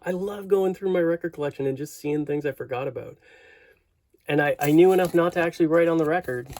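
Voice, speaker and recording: A man's voice: on the high side, fast talker, darkish tone, no echo. A man in his fifties from Canada, flipping through his record collection in a rambling, enthusiastic casual vlog full of fillers.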